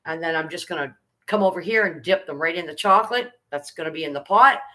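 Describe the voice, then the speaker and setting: A woman's voice: deep voice, quick pace, bright, forceful tone, poor audio. A middle-aged woman talks casually through a live baking stream. She chats along as she works, greets viewers by name and reads out their comments.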